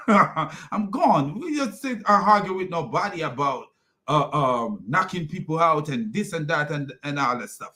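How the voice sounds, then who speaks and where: A man delivering ranting commentary with a mocking edge, chuckling at what he describes. His voice sits a little higher than most men's. He talks loosely and repeats himself as he goes. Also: animated, a little slow, bright, forceful tone. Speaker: commentary host. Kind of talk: reaction commentary on clips.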